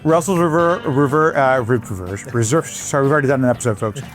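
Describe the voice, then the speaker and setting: A man's voice: mid-range voice, fast, soft background music. A man appearing as a podcast guest, chatting casually and enthusiastically, sometimes stumbling over names. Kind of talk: casual chat.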